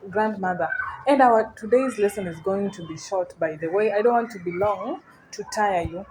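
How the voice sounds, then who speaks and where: A woman giving a casual language lesson, repeating words slowly and often checking whether the listener is following. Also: on the high side, background noise. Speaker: language teacher.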